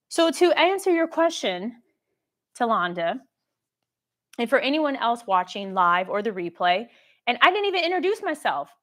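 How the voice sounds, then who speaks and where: A woman hosting a casual live-stream Q&A, telling stories in a lively way and acting out the people in them. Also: a little high, moderate pace. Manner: animated storytelling, acts out quoted dialogue; reads viewer questions aloud. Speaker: government contracting coach.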